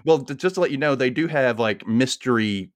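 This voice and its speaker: A man's voice: mid-range voice, fairly quick. A man hosting a book podcast, chatty and upbeat, laughing often. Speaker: podcast host. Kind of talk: casual podcast chat.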